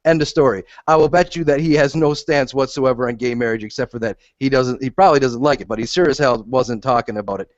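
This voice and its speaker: A man's voice: mid-range voice, quick pace, few pauses, no echo. A man co-hosting a podcast, arguing bluntly and emphatically in casual, profane chat. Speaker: podcast co-host. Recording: dull lo-fi audio.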